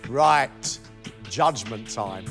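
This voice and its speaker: A man's voice: expressive, extremely slow, over music. A man hosting a cooking competition, chummy and teasing, calling out the time left. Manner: chummy, teasing, booming countdowns. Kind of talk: lively TV presenting. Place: TV studio kitchen.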